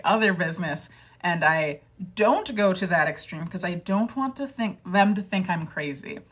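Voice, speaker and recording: Here a self-deprecating woman vlogger rambles casually to camera, stumbling through fillers and restarts and dropping into quoted voices. Her voice is on the low side with a slightly bright quality.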